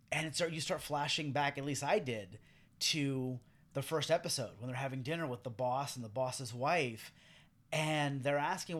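A man co-hosting a casual podcast chat. His voice sits a little high for a man, and he talks with animated energy. He swears freely and acts out what other people said. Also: moderate pace. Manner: animated, profane, acts out quotes. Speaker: podcast co-host. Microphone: headphones and studio mic.

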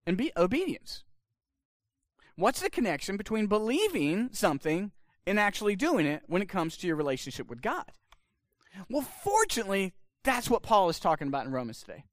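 Animated high-voiced pastor. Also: male voice, no room sound, studio quality. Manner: animated, conversational storytelling with quoted dialogue. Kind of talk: sermon with storytelling.

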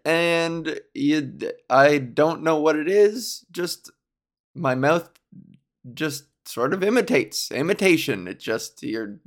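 A man hosting his own solo podcast, chatting casually in a giggly, rambling, improvised way as a comedian. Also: a little high. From Ontario, Canada. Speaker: podcast host.

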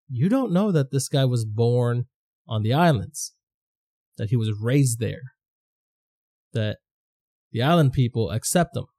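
A man's voice: mid-range voice, warm tone. A man hosting a podcast, talking through his opinions in a loose, rambling, profane way. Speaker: podcast host. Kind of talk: casual opinion monologue.

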